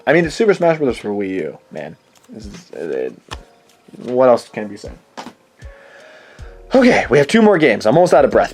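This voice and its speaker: A man's voice: mid-range voice, a little mellow. A young man hosting his own channel, chatting casually and rambling through his game collection, often correcting himself mid-sentence. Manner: rambling, chatty, self-correcting with many fillers. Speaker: channel host.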